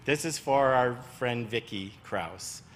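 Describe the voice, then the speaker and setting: A man giving church announcements in a sanctuary, in a warm, rambling way that turns emotional. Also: medium pitch, takes it slowly, slight background noise. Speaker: church staff member making announcements.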